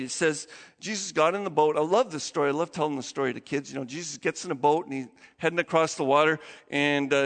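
A man preaching a sermon in a conversational way, acting out the quotes he tells. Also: fairly bright tone. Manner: conversational, acts out quotes with big pitch jumps. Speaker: pastor. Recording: reverberant hall.

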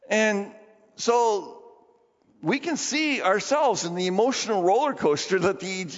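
A male pastor preaching a lively sermon, acting out voices and laughing often. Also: sits high. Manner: animated, acts out crowd voices, laughs often. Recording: dull sound in a reverberant hall.

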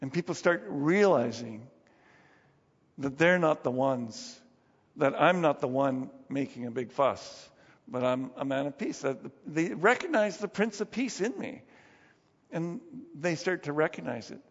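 High-voiced male pastor in reverberant hall. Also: lively intonation, unhurried, breathy edge. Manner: storytelling with chuckles and restarts. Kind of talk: conversational sermon. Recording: long reverb, dull lo-fi sound.

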